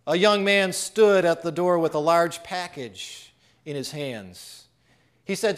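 A man preaching, telling a story in a dramatic way that drops to a hush on key lines. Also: fairly high pitch, takes it slowly. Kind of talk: sermon storytelling.

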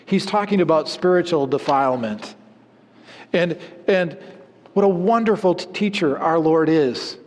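A man preaching a sermon in an earnest way, his voice dropping low at the ends of phrases. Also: long reverb tail. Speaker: pastor.

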